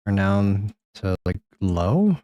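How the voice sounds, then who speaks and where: Low-voiced rambling male streamer. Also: big pitch swings, takes it slowly, dark tone, dry recording, highs cut off. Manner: rambling, jokey, swears, talks to chat; sudden high-pitched exclamations. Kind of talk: live gameplay commentary.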